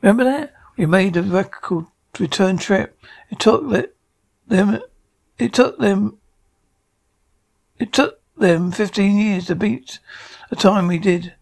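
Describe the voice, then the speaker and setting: Guy doing a jolly old space miner, coaxing, repeats himself, gravelly. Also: high voice, takes it slowly, pauses often, exaggerated voice.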